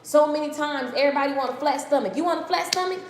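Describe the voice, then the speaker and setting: A high-voiced woman rants excitedly on a motivational live stream, talking fast and slangy and hammering her points home by repeating them. She is recorded on a phone in her home kitchen, where the hard room gives her voice a long, echoey ring. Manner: excited fast ranting, talks too fast; casual slangy and emphatic, repeats phrases. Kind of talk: energetic motivational talk.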